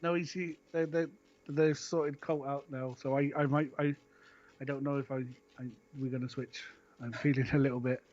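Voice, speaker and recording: A man's voice: medium pitch, little pitch movement, normal speed, a little mellow, highs cut off. A man with a Cornish accent chatting casually on a stream, hesitant and repeating his words. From Cornwall, England. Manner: hesitant, repeats words, calls others "my flower". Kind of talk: casual chat.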